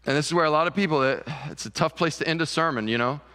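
A man's voice: on the high side, quick pace, bright, forceful tone. A man preaching a sermon as pastor, emphatic, repeating key phrases. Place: church sanctuary. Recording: church hall reverb.

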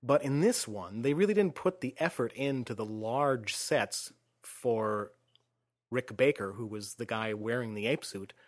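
A man talks through a film at an easy, measured pace. His sentences drift softer as they close. It sounds like a relaxed conversation between two people. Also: mid-range voice. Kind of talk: casual film discussion.

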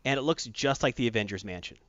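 A man's voice: medium pitch, fast talker, no room sound. Rambling man recapping comics, lo-fi. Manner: rambling, animated storyteller who acts out quotes. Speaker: comic book podcast host. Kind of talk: casual comic recap chat. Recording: dull lo-fi dry recording.

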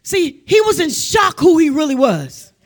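A woman preaching a sermon with fervent emphasis, building to loud exclamations and sometimes dropping to a hush. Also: high-pitched, sing-song, a little slow. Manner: drops to hushed tones for dramatic effect.

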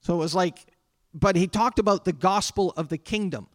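A man's voice: high voice, normal speed, no echo. A man preaching a sermon to his congregation in a conversational way, with asides to the people in the room. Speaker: pastor. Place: church sanctuary.

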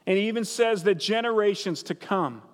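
A man with a high voice preaches a sermon to his congregation, earnest and conversational. He repeats his key lines for emphasis, and his voice rings out with a long reverb from a large hall. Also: brisk. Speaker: pastor.

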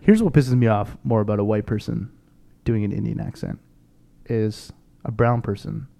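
A young man co-hosting a podcast, chatting casually and telling stories in an animated way, swearing freely. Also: lowish voice, normal speed, gravelly. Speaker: podcast co-host.

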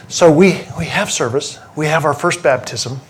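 A pastor telling a personal story in a sermon, animated and self-deprecating, with some humor. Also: male voice, on the high side, husky.

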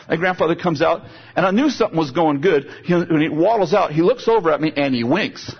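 A man preaching a sermon, telling a lively personal story and moving into prayer, with a husky voice. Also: a little high, fast talker, few pauses, highs cut off.

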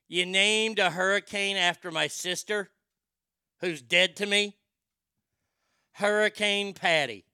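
A man's voice: high voice, unhurried, clean tone, dry recording, studio quality. A man hosting a show, delivering a profane comic rant with mock outrage. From Texas. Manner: ranting, profane, mock outrage with loud outbursts. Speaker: radio show host. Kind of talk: comedic rant.

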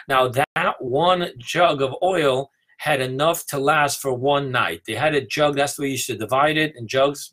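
A man as rabbi, teaching a sermon and stressing key words emphatically, slowing down to land each point. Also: mid-range voice, a bit bright. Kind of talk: sermon on Hanukkah mysticism.

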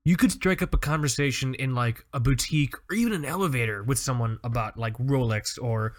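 A man co-hosts a casual podcast, wired from drinking coffee late in the day. He tells animated stories and swears freely as he goes. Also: mid-range voice, fairly quick. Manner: animated, profane storytelling. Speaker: podcast co-host. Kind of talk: casual chat.

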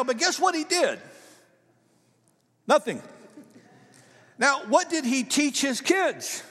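An older man preaching a sermon in a conversational, animated storytelling way. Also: sits high, normal speed, in a large hall. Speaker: pastor.

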